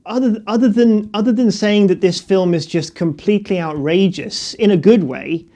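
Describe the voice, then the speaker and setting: A man's voice: high voice, mellow. A middle-aged man giving a casual, unscripted film review, talking hesitantly with many fillers and restarts.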